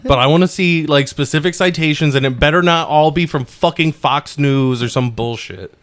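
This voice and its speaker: A man's voice: fairly high pitch, moderate pace. A man hosting a podcast, ranting bluntly and profanely in casual chat. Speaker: podcast host.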